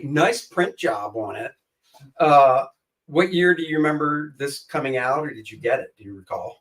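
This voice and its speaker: A man with a somewhat high voice co-hosts a relaxed chat, tossing out dry, sarcastic comebacks. He sounds a little distant from the microphone. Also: moderate pace. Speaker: co-host. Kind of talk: casual chat.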